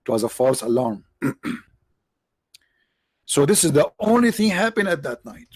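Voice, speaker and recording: A man's voice: on the high side, sing-song, a little slow, slightly rough, no room sound. A man hosting a live religious talk, joking and sarcastic, rambling to his viewers. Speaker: online show host.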